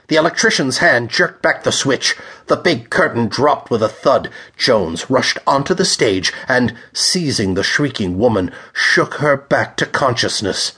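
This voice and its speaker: A man narrating a pulp thriller audiobook in a measured, dramatic reading style. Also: mid-range voice, expressive, pushed and bright, breathy edge.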